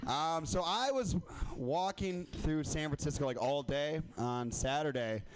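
A man's voice: on the high side, unhurried. A man doing a rambling, self-deprecating stand-up set at an open mic, laughing at his own jokes. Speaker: stand-up comedian. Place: comedy club open mic. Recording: faint background noise.

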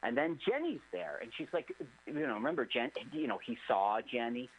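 Male co-host, lively delivery, retells movie scenes chattily over slight hiss. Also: medium pitch, moderate pace, rough recording. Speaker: co-host riffing on a film. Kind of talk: casual movie riffing chat. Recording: faint hiss, community radio studio.

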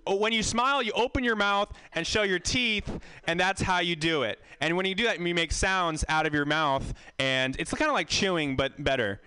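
A man's voice: high voice, moderate pace, pushed and bright, smooth. A man emceeing a comedy show, introducing acts with goofy, sarcastic banter.

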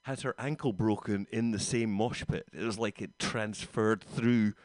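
A man hosting a radio show, chatting in a relaxed, wry way between songs. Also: fairly low pitch, a little slow, dry recording. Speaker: radio host, DJ. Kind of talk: casual radio chat. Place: radio studio.

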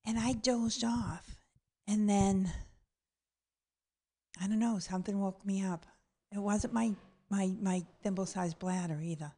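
A woman's voice: mid-range voice, steady tone, unhurried, warm tone. A woman telling a funny story about herself, blunt and cheerfully profane. She acts out the people in the story as she goes, shifting into their voices for each quote. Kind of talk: comedic personal story told aloud.

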